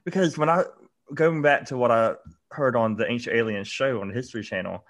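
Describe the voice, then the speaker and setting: A man's voice: medium pitch, brisk. A young man co-hosting a casual podcast, reacting with jokes and blunt questions. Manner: reactive, joking, blunt interjections. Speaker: podcast co-host.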